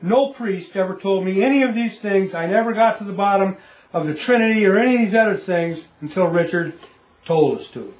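A man's voice: sits high, fairly quick. Earnest man speaking in an echoey room. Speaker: group member. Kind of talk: testimony to an online audience.

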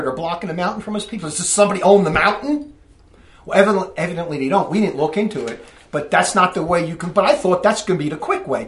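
Casting note: a New Jersey man telling a story, high and very lively, restless and self-interrupting, in a roomy echo. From Newark, New Jersey. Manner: animated, self-interrupting, acts out dialogue. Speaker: storyteller recounting a hike. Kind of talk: casual storytelling talk.

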